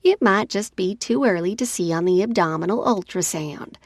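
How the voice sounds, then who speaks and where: A woman voicing a friendly woman ultrasound technician with a warm, reassuring manner. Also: mid-range voice, expressive, moderate pace, no echo, clean studio sound, close to an everyday voice.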